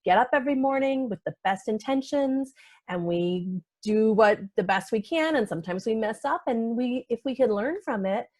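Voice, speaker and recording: A woman's voice: a little high, animated, moderate pace, darkish tone, dry recording. A woman author, a guest on a podcast, speaking in a thoughtful, reflective way in casual conversation.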